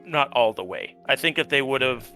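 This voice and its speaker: A man who played in a tabletop game, talking it over in a relaxed, rambling way with many ums. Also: mid-range voice, brisk, faint music behind. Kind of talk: casual post-series chat.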